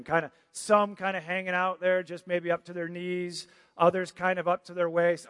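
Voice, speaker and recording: A man's voice: sits high, fairly bright tone, no room sound, studio quality, big-room sound. A man preaching a sermon, talking casually and asking the congregation questions. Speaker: pastor.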